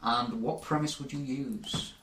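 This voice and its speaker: A man's voice: mid-range voice, steady tone, a little slow, a bit bright, echoey room. A man co-hosting a podcast, talking in an easygoing, hesitant way full of ums. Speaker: podcast co-host. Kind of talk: casual chat.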